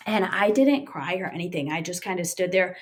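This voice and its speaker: A woman in her thirties, an interview guest, recounting a personal story in a plain, halting way with many fillers. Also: fairly low pitch.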